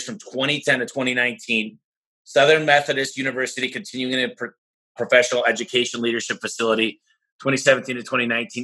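A man hosting a casual business podcast, energetic and a little rambling. His voice is very bright and forward, at an ordinary pitch. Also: poor audio. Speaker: podcast host.

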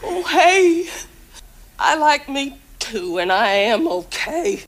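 An actress voicing an insecure, put-upon woman in a TV comedy sketch, whiny and wavering, breaking into shrill cries. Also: very animated, slow pace, heavily acted, low-quality recording. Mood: rising elation. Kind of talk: 1970s TV sketch comedy acting.

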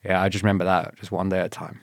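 A man's voice: low voice, flat delivery, rapid-fire, vocal fry, no room sound, studio quality. A man telling stories in a casual interview, laughing often and swearing as he acts out what others said to him. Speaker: guest.

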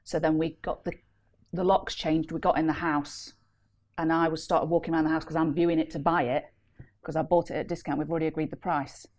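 A woman telling an animated, laughing story as a deal packager on a casual property panel. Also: sits low, brisk. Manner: animated, laughing, acts out voices in her story.

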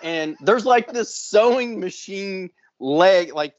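A man with a slightly raised voice co-hosts a casual podcast. He tells a long, lively story and swears freely all the way through. The recording sounds dull and lo-fi. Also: high-pitched, slow. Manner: profane, animated storyteller. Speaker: podcast co-host.

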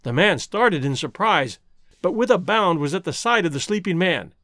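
A man reading an adventure story aloud as an audiobook narrator, with dramatic, expressive delivery. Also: sits high, normal speed, dry recording, studio quality. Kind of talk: scripted narration.

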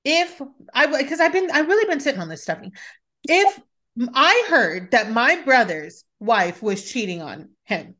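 Bright-voiced woman podcast host. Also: high voice, sing-song, moderate pace. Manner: candid, profane, with many restarts. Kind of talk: casual chat.

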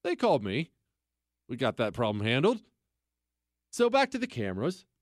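A man hosting a podcast, telling a story in casual comedic style, animated and sardonic, with self-mocking asides. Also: medium pitch, normal speed, no room sound, clean studio sound. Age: adult.

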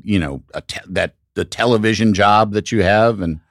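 A man's voice: lowish voice, normal speed, no room sound, clean studio sound. A middle-aged man hosting a podcast, talking loosely and bluntly, repeating himself as he works toward a point. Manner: loose, repetitive, blunt and profane. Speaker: podcast host. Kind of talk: casual podcast conversation.

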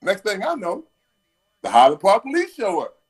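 A man on a sports radio show telling a story, acting out the people in it with big shouted voices and laughter. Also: sits high, wildly swooping pitch, normal speed. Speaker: guest football analyst.

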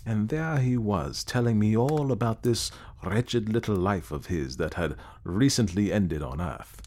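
Brief: male narrator, lowish voice, dry and self-assured reading of a story. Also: a little slow, a little mellow. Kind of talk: scripted narration.

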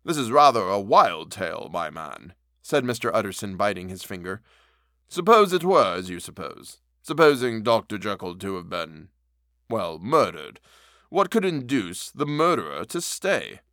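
A man voicing a stern, peevish male lawyer in a storybook reading, speaking slowly and carefully. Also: lowish voice, sing-song, a bit bright, dry recording, studio quality. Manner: peevish, measured, slow.

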